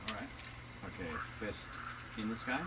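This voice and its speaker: A man, the session's engineer, in casual studio banter, quick and low-key as he sets up takes. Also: huge pitch swings, gravelly, crowd noise. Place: recording studio. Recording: noisy studio recording.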